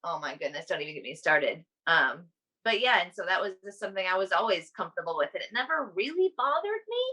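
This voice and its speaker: A young woman co-hosting a podcast, chatting casually about astrology in a bubbly, animated way. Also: lowish voice, quick pace, husky. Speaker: podcast co-host.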